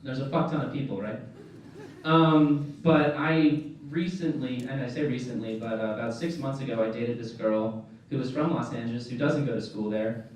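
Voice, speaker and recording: A man's voice: medium pitch, moderate pace, a little mellow. A young man doing a stand-up comedy set at a college club, rambling and self-deprecating with lots of fillers. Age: young adult. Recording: echoey room, distant mic, faint noise.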